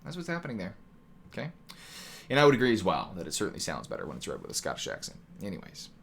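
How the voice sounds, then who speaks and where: A man's voice: low-pitched, huge pitch swings, fast talker, creaky, fairly bright tone, a little hiss or hum. A man casually explaining economics to a live chat, asking "right?" often and now and then slipping into mock voices. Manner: talkative, rhetorical "right?" tags, mock voices. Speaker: streamer teaching economics.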